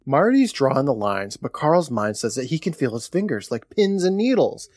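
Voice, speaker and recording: A man co-hosting a podcast retells a horror episode in an animated, jokey way, laughing as he goes. His voice is mid-range at a normal pace, captured in dry, studio-quality audio.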